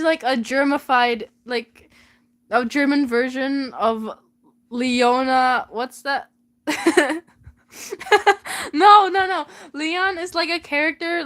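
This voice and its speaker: High-voiced young woman reading aloud. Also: fairly bright tone. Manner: giggly, incredulous commentary. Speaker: vlogger. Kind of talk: reading her old fanfiction aloud.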